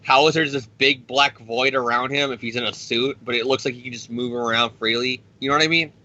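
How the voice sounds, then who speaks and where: A man's voice: medium pitch, steady tone, fairly quick, pushed and bright, lo-fi sound. A man hosting a comics podcast, recapping a storyline in a profane, sarcastic way and stumbling over restarts. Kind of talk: casual comic recap with put-on voices.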